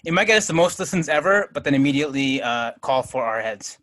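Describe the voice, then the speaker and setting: A man's voice: mid-range voice, lively intonation, fast talker, fairly bright tone. A man hosting and moderating a casual group podcast, joking and laughing often.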